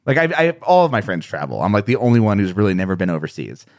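A man's voice: on the low side, very animated, quick pace, darkish tone, dry recording, studio quality. An American man, a podcast guest, chatting casually and telling self-deprecating stories with frequent laughter. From United States. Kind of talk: casual conversation.

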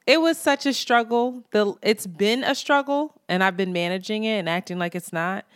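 A woman's voice: medium pitch, normal speed, smooth, no room sound, studio quality. A young woman co-hosting a casual podcast chat, telling stories with lots of swearing and acted-out quotes. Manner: animated storyteller, swears freely, acts out quoted people. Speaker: podcast co-host.

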